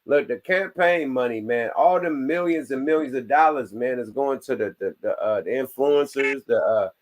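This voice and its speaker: Male podcast host, casual and blunt, profane, middle pitch. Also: normal speed, a little hiss or hum. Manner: blunt, profane, laughing asides. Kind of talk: casual chat.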